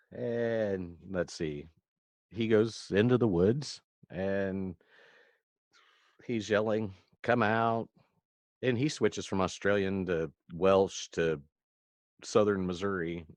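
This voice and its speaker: A man's voice: low-pitched, slow, long pauses, darkish tone, no echo. A man co-hosting a casual movie podcast from home, rambling and laughing often as he recaps scenes. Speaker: podcast co-host. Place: his own room, recording remotely.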